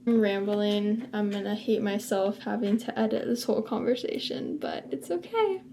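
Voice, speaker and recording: A woman's voice: mid-range voice, little pitch movement, normal speed, dark tone, a little hiss or hum. A young woman vlogging in a casual chat to camera, rambling with lots of filler words.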